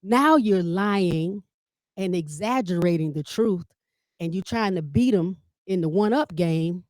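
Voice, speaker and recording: A woman comedian and family caregiver leading a workshop, telling stories with humor and talking straight to her audience, often jumping up in pitch to act out what people said. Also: unhurried, no echo, studio quality. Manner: lively storyteller who addresses the audience directly; acts out quoted dialogue with big pitch jumps.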